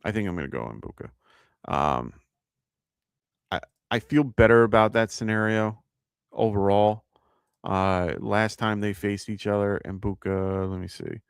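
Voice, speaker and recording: A man's voice: lowish voice, creaky, clean tone, no echo, studio quality. A man with a New York accent hosting a live fantasy football show, thinking aloud with lots of fillers and self-corrections. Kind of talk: casual live-stream advice.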